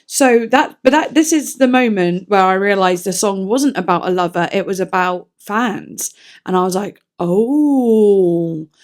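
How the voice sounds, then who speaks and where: A young-sounding woman talks her way through a song review in an easy, chatty vlog voice. She is enthusiastic and a little self-deprecating, often drifting into soft, thoughtful asides. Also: mid-range voice, moderate pace. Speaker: music reviewer.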